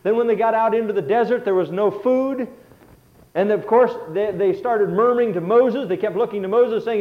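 High-voiced pastor on a tinny line. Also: male voice, fairly quick. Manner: preaching with sudden swings between loud and hushed. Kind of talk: sermon. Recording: tinny phone-like sound.

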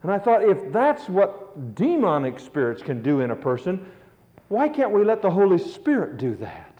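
A man's voice: sits high, wildly swooping pitch, normal speed. A middle-aged man preaching a sermon, telling stories with earnest, rising emphasis. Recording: dull lo-fi recording.

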